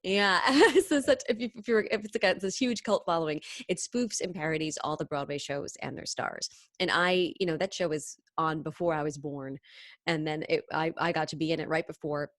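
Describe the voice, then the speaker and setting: A woman singer chatting in an interview, telling stories quickly and animatedly, full of tangents. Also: low voice, no room sound, clean studio sound. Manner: fast, animated storytelling with tangents and laughs. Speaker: singer and impressionist, interview guest. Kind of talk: casual interview chat.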